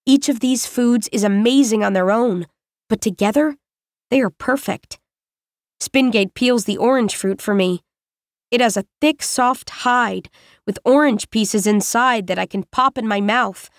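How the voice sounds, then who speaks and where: A woman's voice: a little high, no room sound, clean studio sound. Woman reading a first-person audiobook. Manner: measured, reflective storytelling. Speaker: audiobook narrator. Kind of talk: first-person scripted narration.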